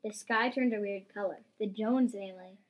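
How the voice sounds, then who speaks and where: Woman, storyteller, reads a homemade tale aloud, lively, middle pitch. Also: normal speed, highs cut off.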